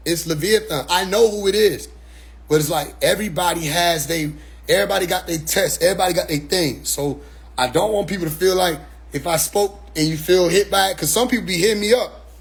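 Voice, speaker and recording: Male streamer, raised pitch and a raspy edge; loose, animated talk full of restarts. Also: fairly quick. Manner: animated, repeats words as he restarts. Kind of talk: casual spoken monologue.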